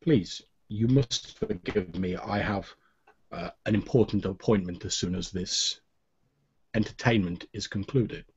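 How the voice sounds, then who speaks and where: A man doing a soft-spoken foreign masked stranger. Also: lowish voice, measured pace, husky, dull audio, heavily acted. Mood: grave, polite. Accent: slightly foreign-sounding. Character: quiet foreign masked male worshipper of fate.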